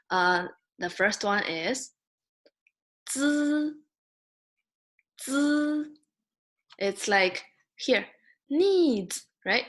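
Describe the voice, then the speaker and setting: Lady teacher, super slow and patient, repeats each sound over and over. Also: fairly bright tone. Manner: patient, repeats sounds slowly and rises high on example syllables. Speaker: Mandarin teacher. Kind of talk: slow beginner language lesson.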